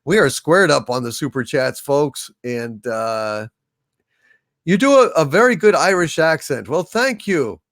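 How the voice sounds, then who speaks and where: A man's voice: fairly high pitch, sing-song, a little slow, a bit bright, no echo, clean studio sound. A man hosting a casual livestream, reading out viewer donations and rambling with frequent "uh" fillers. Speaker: livestream host.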